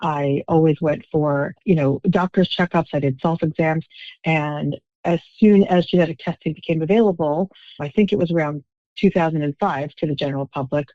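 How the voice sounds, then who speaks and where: A woman in her fifties, an author, tells her story as a guest in a podcast interview by phone call, wry and self-deprecating. Her voice is deep and dark, and the dry recording has its highs cut off.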